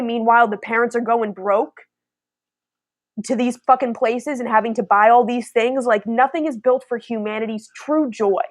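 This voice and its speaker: Hosting a laid-back spiritual conversation, this young woman speaks at a normal speed with a fairly high voice and fairly even intonation. She rants bluntly, swears often and does mocking impressions, all in a close, dry recording free of room sound.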